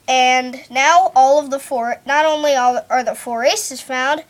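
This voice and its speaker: A woman performing a card trick while telling it as a story, spelling letters out one by one in a slow, deliberate way. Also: high voice. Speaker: magician.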